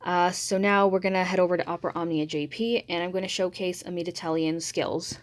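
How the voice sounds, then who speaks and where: Low-voiced woman rambling through gameplay. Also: fairly even intonation, a little fast, rough recording. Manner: rambling, hesitant, self-admittedly mumbling. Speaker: mobile game video creator. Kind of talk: casual gameplay commentary.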